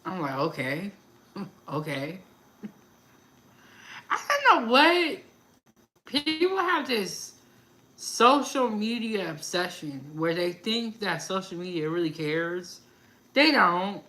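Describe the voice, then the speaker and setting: Bright-voiced woman chatting casual gossip. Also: medium pitch, takes it slowly, long pauses, slight background noise, poor audio. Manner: chatty, animated gossip with laughs and asides. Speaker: host of a food and gossip channel. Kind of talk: casual chat about celebrity gossip.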